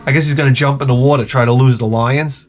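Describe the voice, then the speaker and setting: A man hosting his own vlog, telling a crude comic story in a rambling way with loud outbursts. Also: mid-range voice, steady tone, fast talker, soft background music. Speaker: vlog host.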